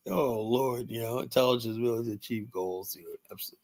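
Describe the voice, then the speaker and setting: A man's voice: on the low side, moderate pace, few pauses, darkish tone. A man hosting a live stream, talking casually and rambling to his chat, often laughing.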